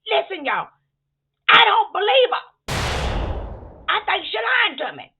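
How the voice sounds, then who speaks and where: A sassy older church lady, played by a woman, talking straight to the listeners with plenty of attitude. Her voice sits high and has a gravelly edge. The recording is thin and tinny, like a phone line. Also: big pitch swings, measured pace, a little hiss or hum, heavily acted. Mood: indignant. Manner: sassy, addresses listeners as y'all. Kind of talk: comedic character monologue.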